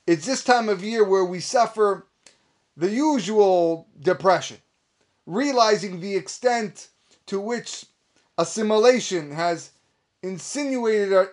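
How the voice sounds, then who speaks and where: A man preaching a sermon as a rabbi, speaking with passion and dropping in Hebrew phrases. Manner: impassioned preaching, rising to emphatic high peaks.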